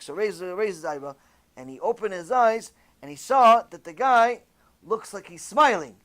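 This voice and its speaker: A man giving an animated, conversational sermon, telling a story and sprinkling in Hebrew terms. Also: sits high, normal speed. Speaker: religious teacher.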